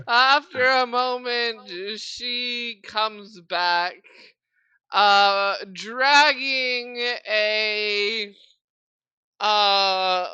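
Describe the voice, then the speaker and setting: Brief: casual woman narrating a tabletop game, clear and crisp. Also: fairly high pitch, sharp tone, no echo, highs cut off. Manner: laughing, casual with fillers. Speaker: game master.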